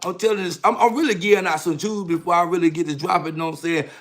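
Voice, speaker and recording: A man's voice: high voice, steady tone, quick pace. A man in his fifties from Georgia with a Southern accent, hosting a casual livestream and telling stories in slangy, hyped talk. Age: 50s. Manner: hyped, slangy, repeats "know what I'm saying". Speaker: livestream host, author.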